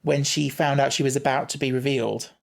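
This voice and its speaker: A man's voice: mid-range voice, steady tone, brisk, gravelly, a little hiss or hum. Chatty, enthusiastic male podcast host. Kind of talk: casual chat.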